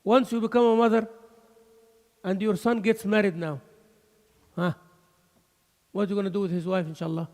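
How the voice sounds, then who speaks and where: A man giving an animated mosque lesson, switching between English and Arabic with laughing asides. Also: high-pitched, moderate pace, long pauses, long reverb tail. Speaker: mosque teacher. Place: mosque hall.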